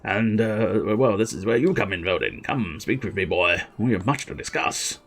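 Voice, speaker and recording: A man voicing a king who gives a solemn, halting speech with many fillers to his subjects in a game. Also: on the low side, a bit bright.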